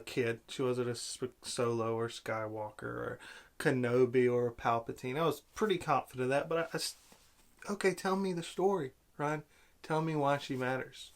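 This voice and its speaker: A man's voice: mid-range voice, moderate pace. A man giving an angry, sarcastic movie review rant, exasperated and repeating himself. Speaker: video blogger.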